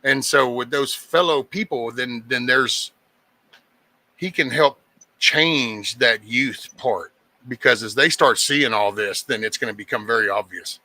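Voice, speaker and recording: A man's voice: medium pitch, measured pace, pushed and bright. A man hosting a casual chat, rambling and restarting his sentences, swearing now and then. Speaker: host.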